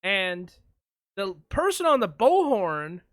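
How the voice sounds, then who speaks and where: Spinning a lengthy story in a relaxed podcast conversation, this male co-host brings it to life by performing the quotes. He speaks slowly in a high-pitched voice, and the recording is dry and studio quality.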